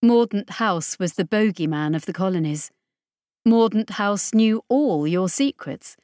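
A woman narrating a science fiction audiobook in a steady, measured way. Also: medium pitch, dry recording, clean studio sound. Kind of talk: scripted narration.

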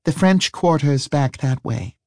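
A man voicing a brisk, wry woman in an audiobook. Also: on the high side, animated, darkish tone, no room sound, studio quality, pitched above the performer's own voice. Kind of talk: audiobook character voice.

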